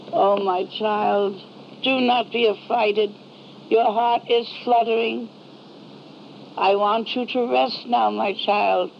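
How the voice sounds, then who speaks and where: A woman speaking as a solemn heavenly mother, slow and measured, with a gravelly low edge. The recording is dull and lo-fi, with a faint hiss underneath. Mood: consoling.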